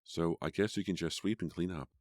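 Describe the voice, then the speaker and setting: A man voicing a kind woman who runs an animal shelter, speaking gently. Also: sits low, steady tone, fairly quick, no echo, clean studio sound, lightly acted. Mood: caring.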